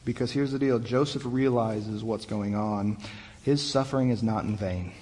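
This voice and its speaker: A man's voice: on the low side, moderate pace. A young man, a youth pastor, preaching a conversational sermon that retells the story in his own casual words. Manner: conversational, animated retelling with restarts. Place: church hall. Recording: long hall reverb.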